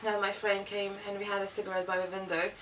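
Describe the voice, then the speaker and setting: A woman's voice: mid-range voice, flat delivery, quick pace, fairly bright tone. A young woman, telling a story in a rambling, casual way with many fillers. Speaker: interviewee. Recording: distant mic, faint room noise.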